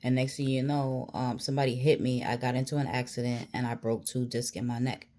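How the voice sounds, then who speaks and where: A woman's voice: a bass voice, level tone, brisk, mellow. A woman telling a personal story straight to camera, in a blunt, emphatic and heavily profane way. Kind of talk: storytime monologue.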